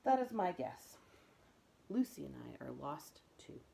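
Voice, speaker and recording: A woman voicing a huge, gentle bearded man who speaks in a formal, genteel way. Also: low-pitched, very animated, measured pace, gravelly, full character voice, low-quality recording. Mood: kindly.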